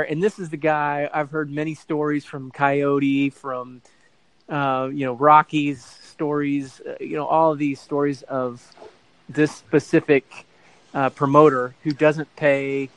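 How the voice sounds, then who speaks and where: A man's voice: on the high side, level tone, takes it slowly, clear, resonant tone, dry recording, low-quality recording. A middle-aged man telling a long anecdote in a casual interview, rambling and correcting himself as he goes. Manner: rambling, self-correcting storyteller who acts out quoted voices.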